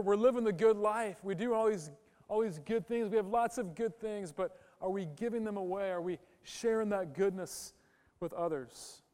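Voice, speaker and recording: A male pastor with a high, smooth voice delivers an emphatic sermon. He keeps putting questions to his congregation. His words ring out with a long reverb through a church hall. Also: darkish tone. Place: church sanctuary.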